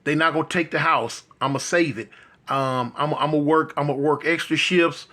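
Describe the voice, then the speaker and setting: A worried mother pleads with her sons in a low, soft voice, as a male storyteller puts her on. The voice barely shifts from the teller's own, just quieter and heavier. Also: normal speed. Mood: pleading. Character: tearful worried middle-aged mother.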